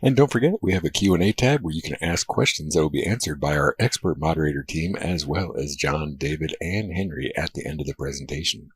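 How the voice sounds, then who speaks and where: A man reading a scripted webinar introduction in a calm, smooth announcer delivery. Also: very deep voice, a little fast, hardly any pauses, no room sound.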